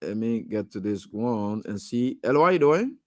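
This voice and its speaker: A man's voice: fairly low pitch, lively intonation, normal speed, no echo, studio quality. A man hosting a radio call-in show, friendly as he takes callers and speaks up on issues.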